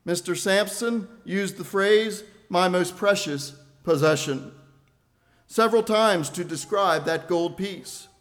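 High-voiced older preacher, rising and falling. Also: male voice, slow. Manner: emphatic, swells loud on key phrases then drops low. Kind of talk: sermon.

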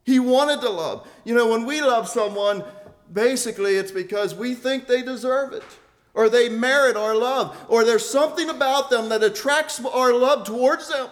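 A man preaching a sermon in an earnest, deliberate way, repeating key phrases for weight. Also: very high-pitched.

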